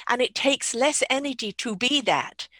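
A woman's voice: sits high, normal speed, sharp tone, no room sound. A woman hosting a casual conversation, reflective and drawing on personal examples.

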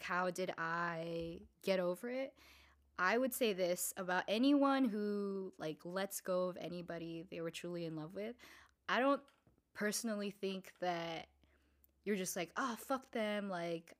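Profane, chatty young woman hosting a podcast. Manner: profane, chatty, many fillers; acts out quoted people with shifting pitch and loudness. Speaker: podcast host. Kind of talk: casual storytelling podcast.

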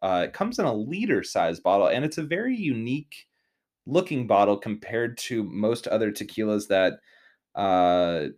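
Low-voiced man explaining things easygoingly. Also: big pitch swings, moderate pace, a little mellow. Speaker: podcast co-host. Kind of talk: casual chat.

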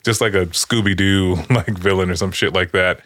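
A man's voice: sits low, fairly even intonation, moderate pace, fairly bright tone, dry recording. A man casually discussing a film with friends on a podcast, rambling and swearing, with lots of fillers. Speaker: podcast co-host.

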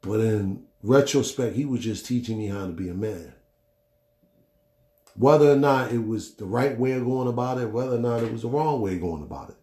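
Middle-aged guy telling a story on his podcast, blunt n animated, swears a lot, average pitch, echoey room. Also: a little fast. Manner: animated, acts out quotes. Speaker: podcast host. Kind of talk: casual storytelling monologue.

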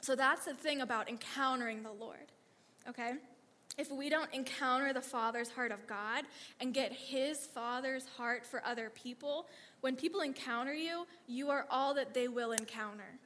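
A woman sharing a personal faith testimony in an animated storytelling manner, often acting out quotes and checking in with "okay". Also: high-pitched, normal speed, big-room sound.

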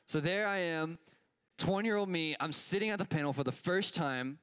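A man's voice: fairly high pitch, moderate pace, fairly bright tone, clean tone, no echo, studio quality. Chatty man teaching a Bible lesson. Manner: conversational, asks the group questions, many fillers. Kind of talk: casual Bible lesson with personal story.

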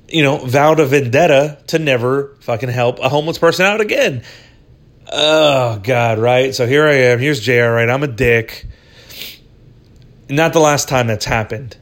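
Rambling, cussing podcast storyteller, male. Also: medium pitch. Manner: profane, rambling, says "dude" and "right?" often. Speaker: podcast host. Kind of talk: casual storytelling.

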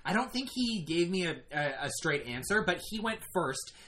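A man's voice: high voice, very animated, moderate pace, a crowd in the background. A young man casually recapping a game season he played in, retelling events in a rambling, self-correcting way.

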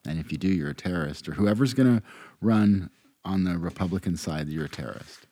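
A man's voice: deep voice, fairly quick, mellow, no room sound. A man hosting a podcast, giving meandering, sarcastic political commentary full of restarts, recorded close to the mic. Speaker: podcast host.

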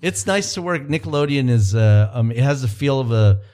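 A man's voice: medium pitch, expressive, moderate pace, darkish tone. A man who works as a cultural consultant and consulting producer, talking in a casual podcast interview and telling long stories with frequent restarts and fillers. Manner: rambling storyteller with frequent restarts.

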